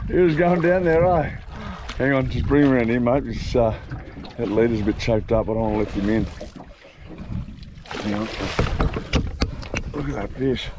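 An Australian man giving excited running commentary while fishing from a boat, swinging from loud shouts to low coaching mutters. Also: normal speed, long pauses, noisy background. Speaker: fishing vlogger. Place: boat on the open sea, outdoors. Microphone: action camera.

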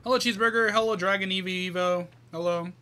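High, bright-voiced male game streamer. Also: fairly even intonation, fast talker, slight background noise. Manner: chatty, greets viewers by name, thinks aloud while playing. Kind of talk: casual live-stream commentary.

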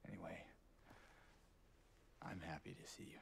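An actor playing a weary, reserved man in a video game, speaking quietly and gently. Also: sits low, moderate pace, vocal fry. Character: weary, searching grown man, calm and reserved. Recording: game audio with steady background noise.

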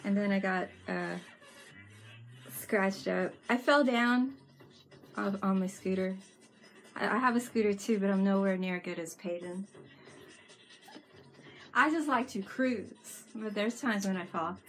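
Playful, unhurried woman streaming live. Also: medium pitch, slight background noise. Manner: playful and teasing, laughs often. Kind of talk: casual live stream chat. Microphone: webcam mic with fisheye lens.

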